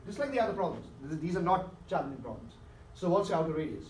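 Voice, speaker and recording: A man with a slightly high, darkish voice teaches a math class at a quick pace, his pitch swinging widely as he coaxes students along and keeps checking that they follow. It's a classroom lecture with questions to the students, recorded from far off in an echoey room with faint hiss.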